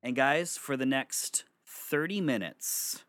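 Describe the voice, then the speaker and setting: Animated young man with a bright voice. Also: medium pitch, slow pace, no echo, clean studio sound. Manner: animated, swearing, breaks into laughter. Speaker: vlogger. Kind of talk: storytime vlog. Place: his bedroom.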